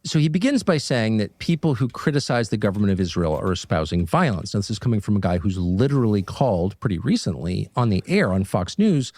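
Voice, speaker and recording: Impassioned low-voiced male commentator. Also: very animated, fairly quick, few pauses, a little mellow, dry recording. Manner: impassioned, moralizing. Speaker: podcast commentator. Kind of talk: political commentary.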